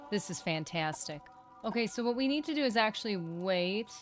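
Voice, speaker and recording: A woman streaming a video game live, chatting casually, reading chat aloud and breaking into excited bursts. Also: medium pitch, normal speed, over music. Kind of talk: live gameplay commentary.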